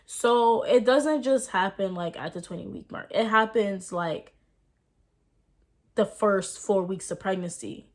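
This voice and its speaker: A young mother telling her story in a casual personal vlog, speaking with emotion, using many fillers, and talking to viewers as "y'all.". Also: mid-range voice. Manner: fast, filler-heavy speech with rising and falling intensity. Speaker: vlogger and mother.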